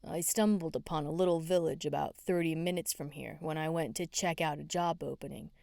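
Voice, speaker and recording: A woman's voice: sits low, fairly even intonation, fairly quick, vocal fry, a little mellow, dry recording. A woman voicing a teasing, easygoing young male police officer in an audiobook.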